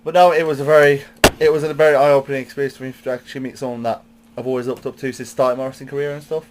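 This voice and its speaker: Hoarse man telling stories. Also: mid-range voice, flat delivery, rapid-fire, slight background noise. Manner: rambling storyteller, stammers and restarts. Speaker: podcast co-host, wrestler. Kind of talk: casual chat.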